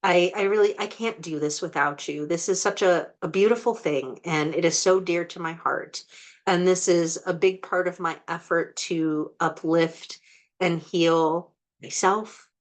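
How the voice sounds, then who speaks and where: A woman with a fairly low voice leads a group healing over a video call. She speaks blessings in a slow, earnest cadence. Between them she chats loosely and fills with "like.". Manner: slow, earnest incantation, then chatty with many "like"s. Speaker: energy healer hosting a group session. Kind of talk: guided healing invocation and group chat.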